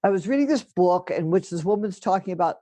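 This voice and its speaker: A woman guest on a podcast, speaking slowly and thoughtfully with hesitant pauses. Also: fairly low pitch, lively intonation, dark tone, dry recording. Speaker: podcast guest, the co-host's mother. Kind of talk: casual chat.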